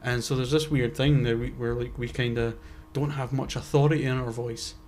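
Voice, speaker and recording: A man's voice: medium pitch, steady tone, normal speed, a little mellow, slight background noise. A young man, co-hosting a casual podcast chat and rambling with lots of restarts and swearing. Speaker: podcast co-host.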